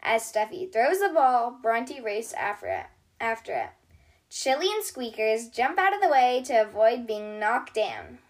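A woman hosting a channel where she reads children's storybooks aloud in a gentle voice. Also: on the high side, very animated. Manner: gentle, unhurried reading voice.

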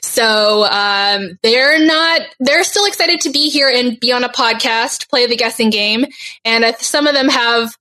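Bright-voiced woman hosting a podcast game. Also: on the high side, poor audio. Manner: unhurried, lots of fillers. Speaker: game host. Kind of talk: explaining game rules on a podcast.

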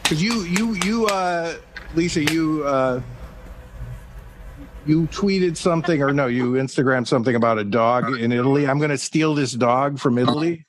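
A man's voice: a little high, moderate pace, noisy background. A man joking and laughing in a casual comedy chat as a co-host.

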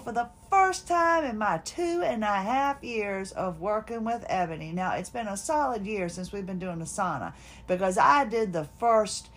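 A woman hosting a podcast, telling a personal story in a chatty, laughing way, quoting others, tired and finding it hard to talk. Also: medium pitch. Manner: chatty, laughing, animated retelling with quoted voices. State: fatigued, hard time talking. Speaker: podcast host.

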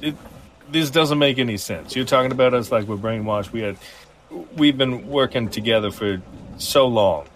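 A man's voice: mid-range voice, moderate pace, slight background noise, natural voice. A man voicing a suspicious male teammate who questions a friend in disbelief. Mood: confused. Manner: questioning, incredulous.

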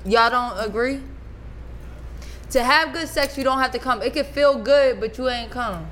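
A woman co-hosting a casual podcast chat, teasing, talkative and quick to argue. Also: high voice, a bit bright, slight background noise. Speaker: podcast co-host.

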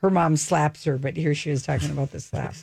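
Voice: medium pitch, fairly even intonation, a little fast, gravelly, darkish tone, slight background noise. A co-host in casual chat, rambling with lots of ums and restarts. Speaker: podcast co-host.

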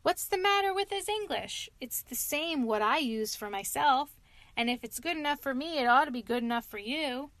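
A woman voicing a gruff, stubborn old male badger in a storybook reading, talking bluntly and emphatically. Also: on the high side, lively intonation, unhurried, fairly bright tone, no room sound. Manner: blustering, emphatic.

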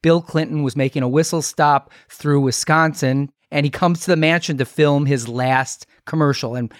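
A man's voice: fairly high pitch, steady tone, moderate pace, no room sound, clean studio sound. A middle-aged man hosting an interview, chatting casually and trading stories with his guest. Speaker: podcast host.

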